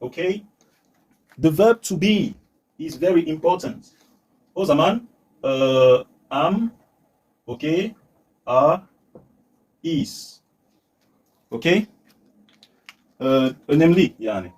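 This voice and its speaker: A man teaching English on a live stream, patient, repeating words slowly and mixing in Turkish for his learners. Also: a little high, animated, a little mellow, slightly rough. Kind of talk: live-stream language lesson.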